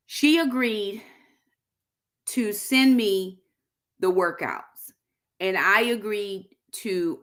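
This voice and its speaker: A middle-aged woman chatting casually to viewers on a livestream, addressing them as y'all. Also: medium pitch. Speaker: vlogger hosting a livestream.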